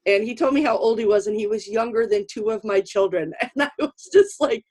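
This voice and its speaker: A woman's voice: a little high, a little fast. Laughing middle-aged woman host. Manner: animated storyteller, laughs often. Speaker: podcast host. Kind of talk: casual chat.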